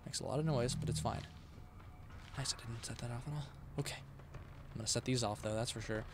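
Speaking a little fast in a mid-range voice, this man streams a horror game and comments as he goes. Jump scares make him yelp and shout, and between them he mutters quietly to himself.

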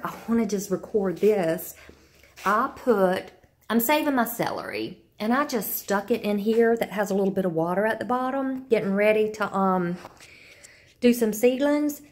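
A woman giving a casual, chatty phone-video tour of her home and yard, exclaiming over her plants. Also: mid-range voice. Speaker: vlogger, home gardener. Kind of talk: casual walk-through vlog. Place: home and yard, indoors and outdoors.

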